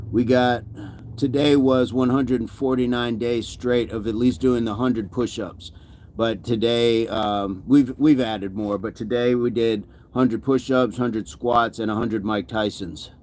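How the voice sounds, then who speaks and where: A man with a medium-pitched, darkish voice hosts an upbeat, chatty fitness livestream. He reads viewer comments, greets people by name, and laughs often.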